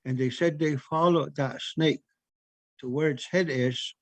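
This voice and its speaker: A man's voice: a little high, fairly even intonation, no room sound, low-quality recording. Man telling a traditional story, dry close mic. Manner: unhurried, repeats words for emphasis, with pauses and fillers.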